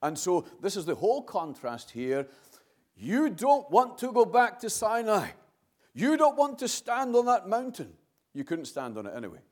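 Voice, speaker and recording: A man preaching in a sermon, his voice sitting a little higher than most men's. He reads scripture in a solemn, formal way, then pushes each point toward emphatic, ringing statements. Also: wildly swooping pitch, moderate pace. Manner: emphatic, builds to ringing declarations.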